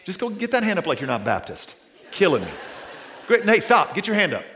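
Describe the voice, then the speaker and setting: A man preaching a sermon to his congregation, animated and joking, then dropping to a hushed tone for scripture. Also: high voice, fairly quick, a little hiss or hum. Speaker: pastor. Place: church sanctuary.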